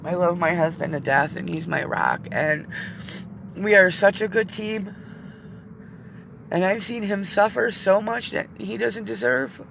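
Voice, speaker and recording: Middle-aged lady rambling on a live stream from her van, gravelly rough voice, gets teary. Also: mid-range voice, measured pace, fairly bright tone, slight background noise. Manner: emotional, rambling, teary at times, swears. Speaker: vlogger. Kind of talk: casual live-stream chat. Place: inside a parked van.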